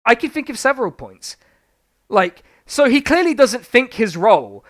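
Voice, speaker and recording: A man's voice: extremely high pitch, big pitch swings, normal speed, fairly bright tone. A man reviewing a book live on stream, reading passages aloud and answering them with sweary, sarcastic rants.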